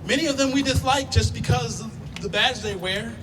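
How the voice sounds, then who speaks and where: A man's voice: very high-pitched, normal speed. A man giving a rally speech at a protest, building his points through rhythmic repetition. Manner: rhythmic, repeating oratory. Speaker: protest speaker. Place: outdoor street protest. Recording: distant mic, loud street noise.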